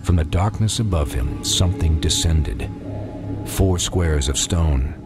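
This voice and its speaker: Very deep-voiced man narrating a dark tale. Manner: dark, measured storytelling. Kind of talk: dramatic audiobook narration. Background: music.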